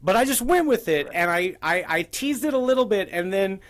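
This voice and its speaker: A man's voice: sits high, expressive, fairly quick. A man telling a rambling tabletop-game story in casual podcast chat. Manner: rambling, with many restarts.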